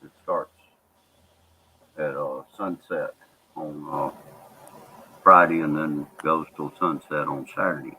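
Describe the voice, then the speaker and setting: A man explaining a point slowly in casual chat, with many pauses and fillers. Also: a bass voice, fairly even intonation, pushed and bright, a little hiss or hum, poor audio.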